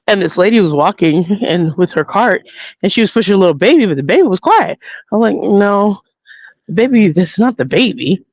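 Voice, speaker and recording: A woman talks casually while walking outside, reeling off a story and acting out what each person said. Her voice is mid-pitched and dry, with no room around it, and the audio is a little dull and lo-fi. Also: expressive, brisk, darkish tone, dry recording. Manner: chatty storytelling, acts out voices. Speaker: vlogger. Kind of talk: casual spoken vlog. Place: outdoors, walking.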